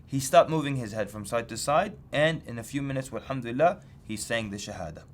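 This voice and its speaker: A man preacher giving a lecture on outreach, telling stories with lively swings of pitch for emphasis. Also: a little fast, slight background noise. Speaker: Islamic preacher teaching street outreach. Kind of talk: story-led lecture.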